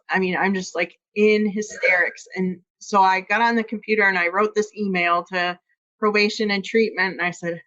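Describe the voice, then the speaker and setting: A woman's voice: mid-range voice, fairly even intonation, moderate pace, a bit bright, dull audio. A woman from Iowa, a podcast guest, candidly telling a personal story and acting out quoted dialogue.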